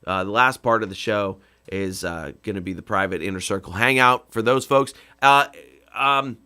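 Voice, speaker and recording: A man casually chatting with viewers on his live stream, rambling with many fillers and breaking into comic songs in a rough voice. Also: on the low side, normal speed, bright, forceful tone. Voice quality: rough singing voice. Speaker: comedy musician hosting a live stream.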